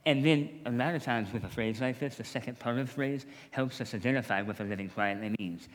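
A man's voice: medium pitch, a little fast, hardly any pauses. A man preaching a sermon as a pastor, talking conversationally and acting out little dialogues. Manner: animated, conversational preaching with acted-out quotes. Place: church sanctuary. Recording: long reverb of a church hall.

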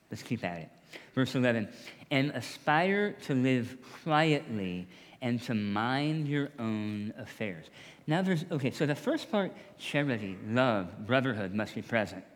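A man preaching a sermon as a pastor, talking conversationally and acting out little dialogues. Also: mid-range voice. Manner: animated, conversational preaching with acted-out quotes. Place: church sanctuary. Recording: long reverb of a church hall.

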